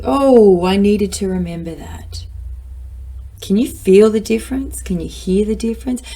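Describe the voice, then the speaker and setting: Gravelly, husky woman speaker. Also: medium pitch. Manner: lively, playful, acts out her inner voice. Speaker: self-help speaker. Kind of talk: motivational talk to camera.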